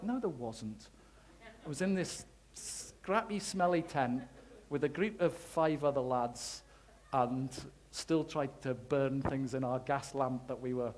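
A man preaching a sermon, telling his own faith story in an animated, self-deprecating way. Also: medium pitch, slow pace. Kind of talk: sermon testimony.

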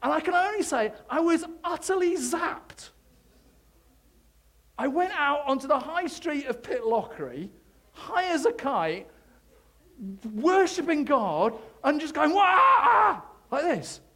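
A man preaching a sermon, telling his own faith story in an animated, self-deprecating way. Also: very high voice, takes it slowly. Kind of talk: sermon testimony.

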